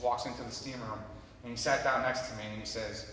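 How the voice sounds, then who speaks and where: A man gives a motivational talk, recounting his story in an earnest, conversational tone and often addressing the audience directly. His voice sits at an ordinary pitch for a man. It carries from a distance through a large hall with a long reverb, over a faint hum of room ambience. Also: fairly even intonation, fairly quick, a bit bright. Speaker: motivational speaker. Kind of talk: personal story told to a live audience. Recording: echoey hall recorded from afar.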